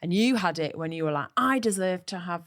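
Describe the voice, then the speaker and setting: A woman's voice: fairly low pitch, lively intonation, fairly quick. A woman co-hosting a podcast in casual chat, teasing her co-host and laughing along.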